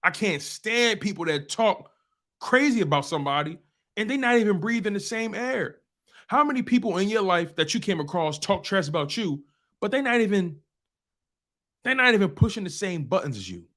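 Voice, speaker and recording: Give me an animated man ranting as a sports talk host, with a fairly high voice. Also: moderate pace. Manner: animated, preachy, repeats phrases for emphasis. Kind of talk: casual sports talk rant.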